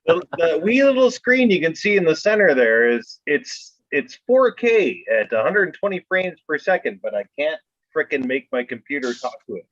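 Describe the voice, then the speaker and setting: A man's voice: fairly high pitch, very animated, normal speed, fairly bright tone. Guy on a video call, jokey, pokes fun at himself over gadgets, muffled lo-fi sound. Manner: joking, self-deprecating about tech. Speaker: guest. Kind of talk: casual chat. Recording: lo-fi dull sound.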